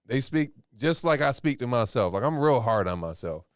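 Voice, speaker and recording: A man with a smooth, clear voice hosting a laid-back podcast chat. He responds in an easygoing, encouraging way with casual slang. The recording is dry and close. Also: medium pitch, moderate pace, no room sound. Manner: relaxed, affirming listener with slangy back-channels.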